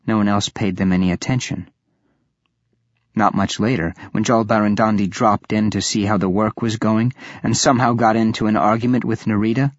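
A man reads a fantasy novel aloud in steady, even storytelling narration. His voice is husky and mid-pitched, recorded dry with a dull, slightly lo-fi sound. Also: dry recording. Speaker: audiobook narrator. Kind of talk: scripted fantasy audiobook narration.

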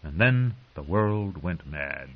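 A man reading an audiobook in a steady, dramatic narration, on a dull lo-fi recording. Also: sits low, takes it slowly, creaky.

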